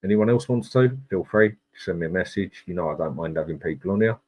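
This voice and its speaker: A man's voice: low voice, fairly quick, darkish tone, breathy edge. A man hosts a live stream from home. He chats casually and reads out his viewers' comments, greeting each one in a friendly, matey way. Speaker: livestream host.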